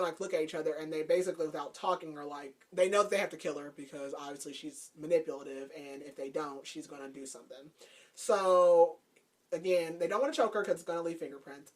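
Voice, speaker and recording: A woman's voice: low voice, fast, a little mellow. A woman podcast host casually recapping a book's plot, chatty and laughing, with lots of "like". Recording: voice a bit far from the mic.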